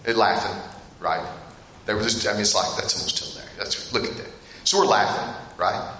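Speaking a little fast in a voice on the low side, a middle-aged preacher addresses his congregation head-on during a sermon in a church hall. His storytelling is lively, and he laughs at the humorous moments, all captured in an echoing hall with faint background noise.

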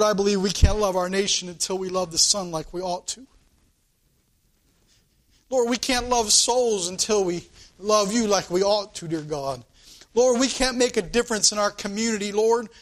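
A pastor prays aloud before his congregation in a church sanctuary. His voice sits high for a man, and he keeps circling back with repeated appeals to the Lord. His delivery has the steady, pleading rhythm of a revival pulpit. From United States. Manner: repetitive, calling "Lord" and "dear God" between phrases. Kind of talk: fervent pulpit prayer.

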